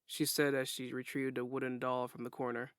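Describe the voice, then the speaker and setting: Guy reading a first-person audiobook, steady and plain, mid pitch, dry audio. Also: a little fast, smooth, no echo. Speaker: narrator.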